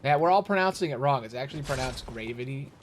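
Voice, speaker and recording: A man's voice: fairly high pitch, animated, fast. A man streaming a video game, rambling jokily and getting exasperated at a boss he cannot beat. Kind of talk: casual gameplay commentary. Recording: audible background noise.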